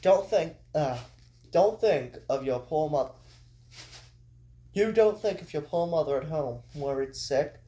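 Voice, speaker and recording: Male reader as a warm, gently teasing mother; storybook reading, near his natural voice. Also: fairly high pitch, animated, slow pace, long pauses, echoey room, dull audio.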